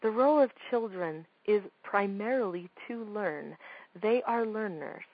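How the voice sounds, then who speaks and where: A woman's voice: mid-range voice, lively intonation, a little slow, husky, dry recording, narrow, tinny audio. A woman giving a talk on parenting, speaking emphatically and firing off rhetorical questions. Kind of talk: talk to an audience.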